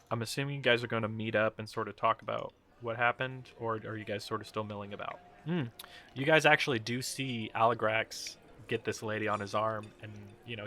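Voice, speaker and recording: Casual male game master, bright tone, relaxed narration. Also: on the low side. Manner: casual, laughing, filler-heavy narration.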